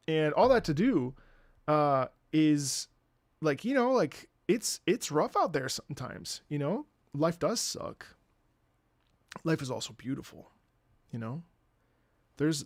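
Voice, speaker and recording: A man's voice: fairly high pitch, no room sound. A man chatting casually on his stream, rambling, repeating words and swearing.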